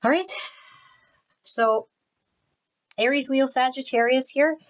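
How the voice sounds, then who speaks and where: A woman giving a casual, rambling tarot card reading, often restarting phrases and sometimes shifting into a soft prayerful tone when calling on spirit. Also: high-pitched, slow pace, no echo. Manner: chatty, repeats and restarts phrases, intuitive rambling. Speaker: tarot reader.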